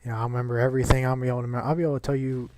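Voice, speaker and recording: A man's voice: medium pitch, little pitch movement, rapid-fire, darkish tone, no room sound. A young man chatting casually over gameplay, rambling and swearing with lots of restarts. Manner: rambling and profane, many restarts.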